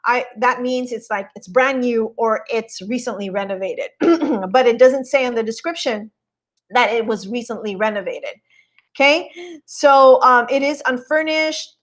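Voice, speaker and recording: Her voice is a little high and slightly bright. She's a real estate agent hosting a casual live stream, showing viewers around a home listing with chatty admiration and greeting them as she goes.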